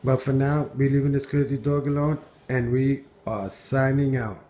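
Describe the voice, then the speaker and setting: A man's voice: medium pitch, steady tone, normal speed, dark tone. A man at home, filming his dog on a handheld camera and giving amused running commentary with frequent exclamations and chuckles. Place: at home indoors.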